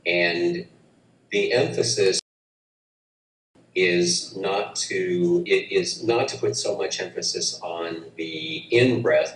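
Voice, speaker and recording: A man teaching a breathing practice, speaking gently and haltingly with many restarts. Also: sits low, slight background noise. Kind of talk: guided breathing instruction. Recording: roomy, distant mic, faint ambience.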